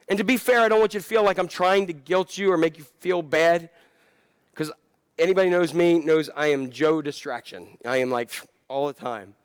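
Male pastor, sermon, smooth and slightly high voice, casual and self-mocking, builds to passion. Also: no echo, studio quality. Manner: conversational, self-deprecating, building to impassioned.

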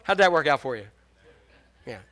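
A man's voice: on the high side, expressive, normal speed, fairly bright tone. A man in his fifties preaching a sermon in a casual, jokey way, restarting often. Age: 50s. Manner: conversational, jokey, many restarts. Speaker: pastor.

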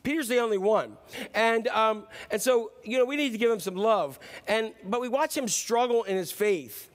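Male pastor, high voice, casual sermon, playful storytelling. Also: normal speed.

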